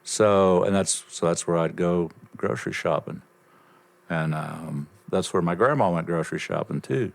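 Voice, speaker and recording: Older man with a very deep voice. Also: moderate pace, gravelly. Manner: lively anecdote-telling, swears freely. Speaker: podcast guest. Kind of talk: casual storytelling.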